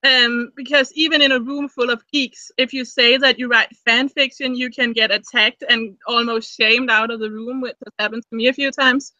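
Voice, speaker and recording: A woman in her thirties talks casually as co-host of a live stream. Her voice is bright and sits a little high. The sound is dry, with no room echo, and she often repeats a word as she gets going. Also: steady tone, moderate pace, hardly any pauses, lo-fi sound. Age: 30s. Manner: chatty, repeats words when starting thoughts.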